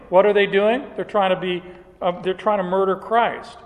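A man preaching an expository sermon, working verse by verse with deliberate emphasis. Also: high voice, in a large hall, poor audio.

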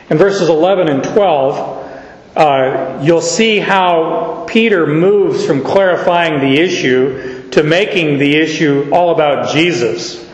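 A man preaching an expository sermon to a congregation, speaking slowly and deliberately and joking with his listeners. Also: fairly high pitch. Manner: slow, deliberate, jokes with the audience. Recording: echoey hall, slightly dull.

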